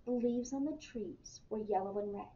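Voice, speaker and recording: A woman reading a bedtime storybook aloud gently, pausing to ask children questions. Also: a little high, slight background noise. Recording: muffled, distant mic with faint ambience.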